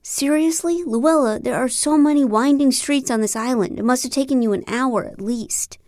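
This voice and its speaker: A woman's voice: mid-range voice, moderate pace, smooth, no echo, studio quality, lightly acted. A woman reading an audiobook, voicing a friendly, earnest man in his thirties who talks in an eager, chatty way. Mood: coaxing. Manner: chatty, eager, animated outbursts. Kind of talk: audiobook character voice.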